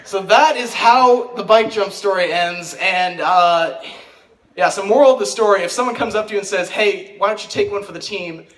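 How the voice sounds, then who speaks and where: A teenage boy with a high voice tells rambling, self-mocking stories in a stand-up set. He is picked up from far off in an echoey hall, and a noisy crowd laughs around him. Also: a bit bright. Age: teens. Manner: rambling, self-mocking storytelling with quick asides. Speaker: stand-up comedian. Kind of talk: stand-up comedy routine. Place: school talent show stage in a hall. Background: audience laughter.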